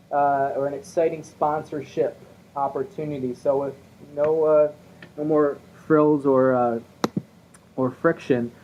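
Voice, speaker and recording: A man's voice: fairly high pitch, darkish tone. A man hosting his own podcast alone, rambling in a wry, self-mocking way. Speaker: podcast host. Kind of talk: rambling solo podcast chat. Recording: muffled lo-fi audio with faint hiss.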